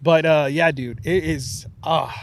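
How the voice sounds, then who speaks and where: A man hosting a podcast in casual chat, telling a conspiracy story in an animated, excitable way. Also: a little high, measured pace, poor audio. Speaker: podcast host.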